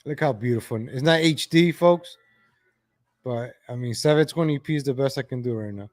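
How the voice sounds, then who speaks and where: A man ranting in exasperation as he comments on videos for his viewers, calling them ladies and gentlemen. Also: mid-range voice, normal speed, faint music behind.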